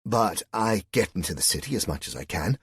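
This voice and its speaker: An awkward young Englishman fumbles through small talk, as a man reading the audiobook plays him. His English-accented voice is low and husky. The sound is close and dry. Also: very animated, brisk, fairly bright tone, no room sound, heavily acted. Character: awkward young Englishman, nervous and self-conscious.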